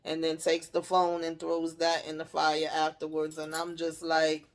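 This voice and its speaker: A woman's voice: sits low, completely flat delivery, measured pace. A woman casually recapping a TV episode, retelling scenes in her own words and acting out the characters' lines with laughs and swearing. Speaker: TV recap host.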